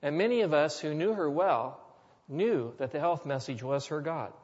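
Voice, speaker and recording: A man's voice: fairly high pitch, normal speed, darkish tone. Earnest preaching man in a reverberant hall. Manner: earnest preaching, rising to emphatic repetition. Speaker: pastor. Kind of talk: sermon. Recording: long hall reverb, dull lo-fi sound.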